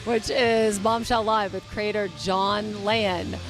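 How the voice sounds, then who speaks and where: A woman's voice: medium pitch, little pitch movement, takes it slowly, over music, low-quality recording. A woman co-hosting live TV, reading sponsor thanks in a chatty, flustered way. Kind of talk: live TV presenting.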